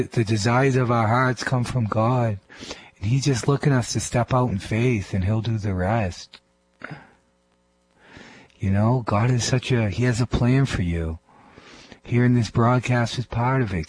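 A man with a fairly low voice gives reflective commentary after a radio sermon. He speaks earnestly and thinks aloud, sometimes restarting his sentences as he works through his thoughts. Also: darkish tone, husky, poor audio. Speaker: radio host.

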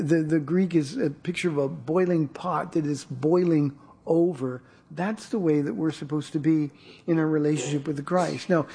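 A male pastor delivers a sermon in a mellow, slightly husky voice. He speaks earnestly and often doubles up his words as he gathers a thought. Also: a little high. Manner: earnest, repeats words when starting a thought. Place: church.

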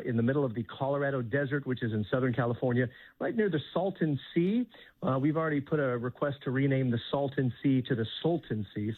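A man calling into a radio show as a guest, telling a comic story in a mock-serious, deadpan way. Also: mid-range voice, dry recording. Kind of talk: phone-in interview, humorous. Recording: tinny phone line.

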